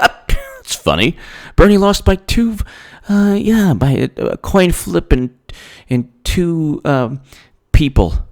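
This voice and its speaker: A man's voice: fairly high pitch, very animated, slow. A man hosting his own political commentary channel, ranting sarcastically, repeating himself and mocking others in put-on voices. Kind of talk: rambling solo political rant.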